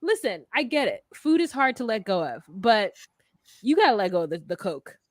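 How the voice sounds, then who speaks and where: A woman with a fairly high voice, talking bluntly and with animation as a podcast co-host. The sound is dry and close, with no room around it. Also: sing-song, normal speed, dry recording. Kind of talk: casual reality-TV recap chat.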